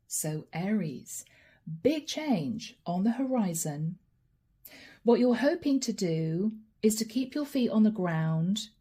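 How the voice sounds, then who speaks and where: A woman's voice: mid-range voice, dark tone, slightly rough. A woman giving a channeled tarot reading, talking straight to the viewer in a musing, reassuring way. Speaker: tarot card reader.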